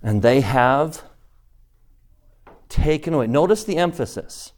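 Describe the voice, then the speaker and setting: A man's voice: medium pitch, animated, slow, long pauses. A man teaching a scripture class, who keeps asking his students questions and repeats key phrases for emphasis. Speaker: religion teacher.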